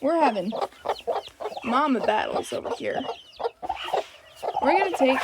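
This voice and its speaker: High-voiced woman tending chickens. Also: lively intonation, slow, long pauses. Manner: talks to chickens, coaxing and exclaiming. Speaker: farm vlogger. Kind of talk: casual narration while doing chores. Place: outdoor chicken coop. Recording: loud farmyard background noise. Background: clucking hens and chirping chicks.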